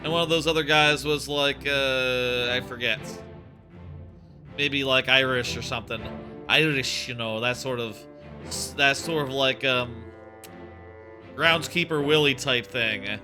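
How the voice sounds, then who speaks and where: A young let's play host muses aloud while playing through a game, rambling in casual gameplay commentary. His voice is medium-pitched and measured, with music in the background.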